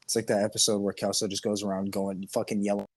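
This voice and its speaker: A man's voice: fairly low pitch, level tone, fast, darkish tone, breathy edge, rough recording. A man co-hosting a podcast in casual chat, telling rambling, profane stories. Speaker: podcast co-host.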